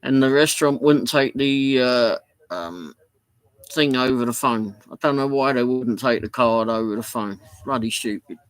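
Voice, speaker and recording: Brief: male streamer, mid-pitched, casual rambling chat from a home office, dry close sound. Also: normal speed, clean tone, dry recording, poor audio. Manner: rambling, chatty, reads viewer comments aloud. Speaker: livestream host.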